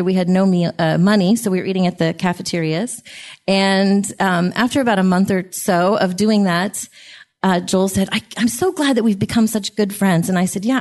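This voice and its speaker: A middle-aged woman, a guest on her husband's podcast, tells a personal story in a reflective, gently emotional way. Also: mid-range voice. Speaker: podcast guest, host's wife.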